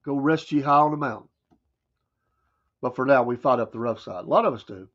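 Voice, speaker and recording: A man's voice: medium pitch, a little fast, a bit bright, dull audio. A man with a Southern American accent hosting a morning talk show, riffing in a folksy, wry way with mocking asides. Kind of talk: casual talk radio monologue.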